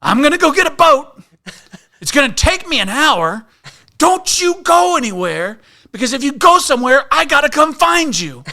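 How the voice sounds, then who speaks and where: A man voicing an exasperated, gruff middle-aged park ranger who shouts across a river in disbelief. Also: very high-pitched, big pitch swings, normal speed, voice pushed up, exaggerated voice. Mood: stern.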